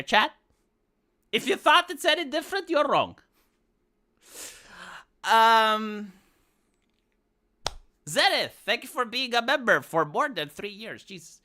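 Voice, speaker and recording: A man's voice: very high voice, very animated, slow pace, long pauses, bright, forceful tone. A man live streaming, talking casually and sarcastically to his chat with frequent stammered restarts. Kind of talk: casual rambling stream talk.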